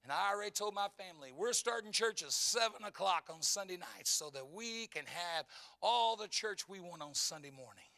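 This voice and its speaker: A man in his fifties preaching a sermon in church, telling a story in hushed tones and then building to fervent shouts. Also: high voice, expressive, normal speed, no room sound. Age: 50s.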